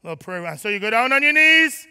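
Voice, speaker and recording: A man preaching in a high, piercing, sharply bright voice. He acts out his listeners' prayers and swings from shouted declarations to hushed asides. The sermon rings with long reverb from a large hall. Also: big pitch swings, fast talker, clear, resonant tone. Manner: shifts between loud declarations and near-whispers. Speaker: pastor.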